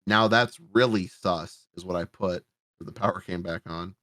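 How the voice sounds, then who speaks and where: Reviewing a horror movie on his podcast, a male host rambles casually and sarcastically, with frequent swearing. He has a deep voice with a fairly bright tone and a moderate pace, captured in clean studio sound with no echo.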